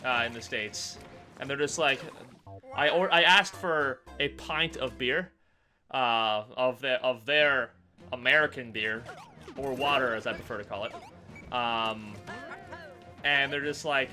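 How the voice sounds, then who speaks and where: A man's voice: medium pitch, measured pace, sharp tone, faint music behind. A Canadian man commentating his gameplay casually, swearing freely, ranting and laughing as he talks to his viewers. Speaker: gaming streamer.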